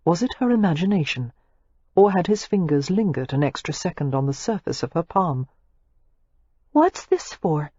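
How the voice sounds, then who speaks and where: Brief: low, husky female audiobook narrator, animated delivery, dull dry sound. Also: dry recording. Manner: expressive, measured storytelling. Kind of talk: scripted romance narration.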